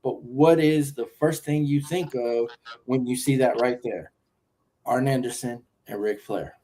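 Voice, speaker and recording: A man's voice: mid-range voice, a little slow, mellow, low-quality recording. A man co-hosting a casual wrestling talk show, arguing his point with lists of names and some swearing. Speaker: podcast co-host.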